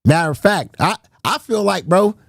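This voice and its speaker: A man hosting a livestream, talking in a rambling, profane, animated way with many restarts. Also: high-pitched, normal speed, creaky, no echo, studio quality. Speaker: livestream host. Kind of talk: casual livestream chat.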